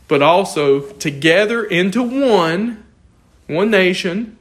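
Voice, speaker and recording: A man with a somewhat high voice leads an informal Bible study. He explains scripture in a lively way, throws questions to his listeners and chuckles often. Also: measured pace.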